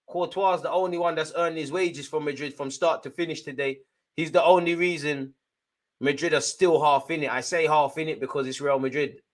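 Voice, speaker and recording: A young man hosting a live football watchalong, giving chatty, jokey running commentary full of slang, jumping between excited outbursts and low muttered asides. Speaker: fan watchalong host.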